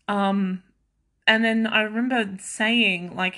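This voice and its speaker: Bright chatty woman. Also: a little high. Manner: chatty and self-mocking, quick asides, laughs often. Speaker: podcast host. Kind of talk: casual chat.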